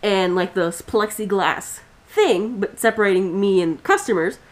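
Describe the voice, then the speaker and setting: A woman's voice: medium pitch, moderate pace. Blunt, swearing young woman ranting. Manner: blunt, profane ranting storyteller. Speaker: podcast co-host. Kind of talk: casual chat.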